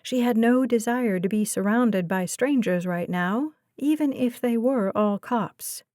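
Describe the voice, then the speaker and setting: A woman narrating a thriller audiobook in a measured, even storytelling manner, recorded in a booth. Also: on the high side, no echo, clean studio sound. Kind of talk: scripted narration.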